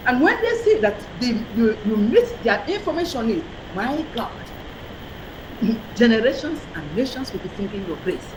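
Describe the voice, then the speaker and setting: A woman closes her webinar talk with a fervent, preacherly appeal. Her pitch is a little high and swings widely. Clear traffic noise comes through the background of her video call. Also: sing-song, normal speed. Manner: fervent, preacherly, repeats phrases. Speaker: webinar speaker. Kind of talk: exhortation.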